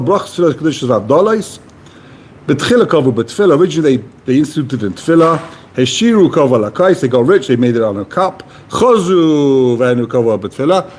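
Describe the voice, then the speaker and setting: A man teaching a Talmud class, reading phrases aloud and then explaining them in plain, casual words. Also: on the high side. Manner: reads Aramaic phrases then translates casually, animated. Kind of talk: explaining Talmud text to a study partner.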